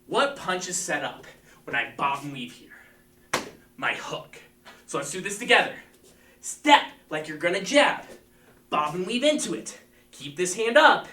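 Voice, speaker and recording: A man's voice: sits high, sharp tone. A man teaching a live-streamed martial arts class, coaching energetically and calling out counts. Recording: echoey room, mic at a distance.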